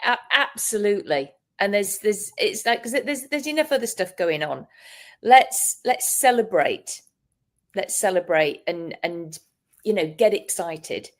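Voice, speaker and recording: A woman, a hypnotist hosting an interview, talking enthusiastically in a casual chat, often pausing on fillers. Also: medium pitch, sing-song. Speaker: hypnotist and podcast host.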